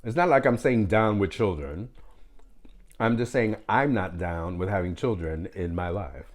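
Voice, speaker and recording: Man with a fairly low voice, host of a home food vlog, candid and jokey with his viewers, slips Spanish phrases into his talk. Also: a little slow. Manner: candid, joking, chatty with viewers. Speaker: food vlogger. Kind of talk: casual mukbang vlog to camera.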